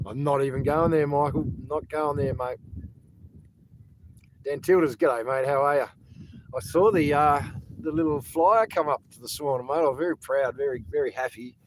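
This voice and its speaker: A man's voice: fairly high pitch, measured pace, long pauses, a little hiss or hum, poor audio. An Australian man live-streaming outdoors on his phone, rambling in casual chat, repeating words and greeting viewers by name. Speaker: live streamer and protest organiser. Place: outdoors on a sunny day.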